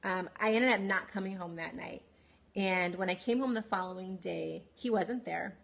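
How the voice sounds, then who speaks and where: A woman of middle pitch speaks into a phone on a live broadcast. She tells her own story in a candid way, full of fillers and restarts and broken by quick laughs. She stops now and then to answer viewers by name. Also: gravelly, a bit bright. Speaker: livestream host. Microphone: phone livestream.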